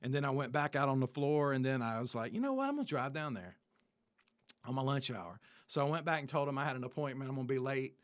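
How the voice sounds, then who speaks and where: A man's voice: medium pitch, quick pace. A man in his fifties, an interview guest, telling a long story in casual chat and acting out the people in it. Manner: animated storyteller, acts out dialogue.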